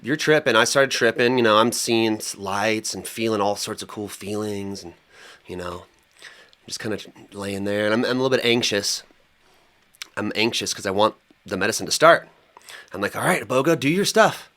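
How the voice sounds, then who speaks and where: Animated young man telling a story. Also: fairly low pitch, moderate pace. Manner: animated, colloquial storytelling with many fillers. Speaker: podcast co-host. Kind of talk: casual chat.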